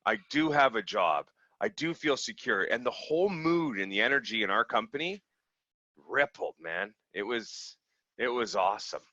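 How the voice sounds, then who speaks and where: A man, a small business owner from Canada, telling stories in a casual, animated way and acting out the people he quotes. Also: medium pitch, moderate pace, no echo, muffled recording. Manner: animated, acts out quoted people, laughs easily. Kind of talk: casual storytelling over video call.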